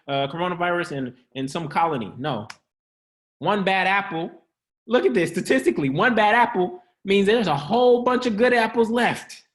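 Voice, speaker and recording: A man hosting an upbeat motivational teaching session in a casual, slangy way, joking, laughing often and quizzing his listeners. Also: high-pitched. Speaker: host of an online church-style teaching.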